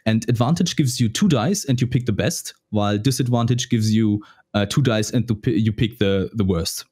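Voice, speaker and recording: A man's voice: on the low side, moderate pace, a little mellow, husky. A man with a German accent narrating a tabletop game as dungeon master, often restarting and repeating words.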